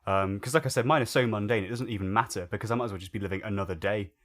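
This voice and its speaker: A man's voice: lowish voice, racing. A man in his twenties, a podcast co-host telling a story casually and acting out what people said. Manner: animated, swears and acts out quotes.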